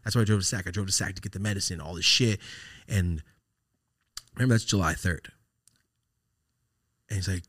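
A man's voice: deep voice, fairly quick, pauses often, fairly bright tone. A man, casually telling a story as a podcast host, rambling and profane with lots of "like". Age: late 20s.

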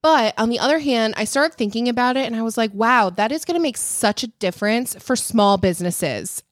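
Woman podcast co-host: slightly high, teasing and matter-of-fact, dry close mic. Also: lively intonation, fairly quick, no echo. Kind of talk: casual chat.

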